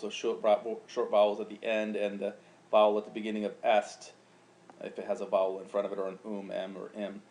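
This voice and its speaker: A somewhat low, gently mellow male voice belongs to a Latin teacher giving a recorded lecture. He takes grammar slowly and patiently, sounding out rhythms syllable by syllable.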